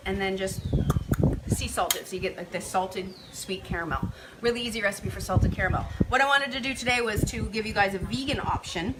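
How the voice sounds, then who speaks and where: A woman hosting a casual live cooking demo, chatty and full of fillers, talking to viewers as you guys. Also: on the high side. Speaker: cooking show host. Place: kitchen counter. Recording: clattering kitchen dish noise. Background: cutlery and pot clatter.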